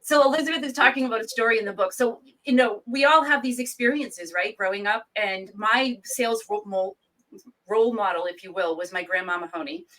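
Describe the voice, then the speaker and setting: A woman author, a guest from New England, telling stories in a lively, chatty way. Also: fairly high pitch, recorded from a distance, low-quality recording. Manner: lively storyteller, quick asides. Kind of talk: casual interview chat.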